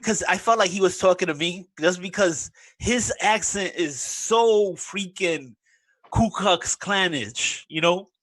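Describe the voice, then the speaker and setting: A man co-hosting a casual radio talk show, incredulous and quick to laugh. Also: high voice, a bit bright. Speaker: radio co-host.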